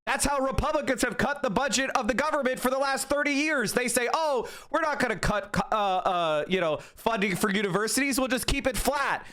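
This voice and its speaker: High-voiced man in a heated rant. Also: expressive, brisk, few pauses, bright, forceful tone. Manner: heated, profane, berating his viewers. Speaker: political streamer. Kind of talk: live-stream commentary rant.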